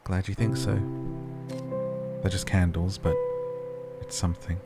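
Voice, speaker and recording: Man voicing a sorrowful young woman, low subdued read over game music. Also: flat delivery, unhurried. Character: grieving young woman, sister of a missing soldier.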